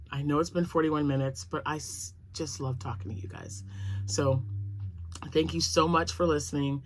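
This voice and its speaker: A middle-aged woman chatting casually to her viewers in a crochet vlog, rambling from topic to topic with asides and little laughs. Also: sits low. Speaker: crochet vlogger. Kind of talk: casual chat to camera.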